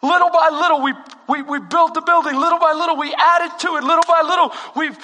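High-voiced, bright Texan-born pastor preaching. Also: male voice, fairly even intonation, fast. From Texas, USA. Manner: repetitive, swings from shouted fervor to hushed confessional storytelling. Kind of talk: preached sermon. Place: church sanctuary. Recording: long reverb of a church hall.

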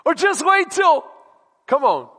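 High-voiced pastor preaching in a reverberant church. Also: male voice, sing-song, slow, pushed and bright. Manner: emphatic preaching with questions to the congregation. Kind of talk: sermon.

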